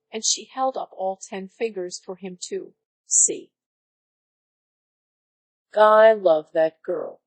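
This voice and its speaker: A synthetic woman's voice reading a story aloud in a flat, even way, as narrator. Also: medium pitch, slow pace, long pauses, no room sound, rough recording.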